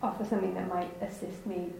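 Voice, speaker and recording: A woman's voice: fairly low pitch, little pitch movement, quick pace, creaky, warm tone. A woman asking a teacher a personal spiritual question, earnest and self-reflective. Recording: echoey hall, faint noise.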